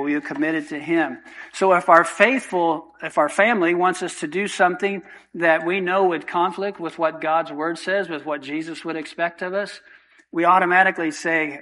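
Male pastor, slightly high voice, earnest sermon delivery with repeated emphasis. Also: a bit bright, low-quality recording. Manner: earnest, emphatic with repetition and rhetorical questions.

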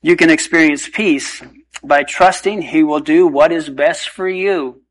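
A man preaching a sermon in an earnest, emphatic way, slowing down and speeding up to stress his points. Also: on the high side, poor audio. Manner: earnest, emphatic, shifting pace.

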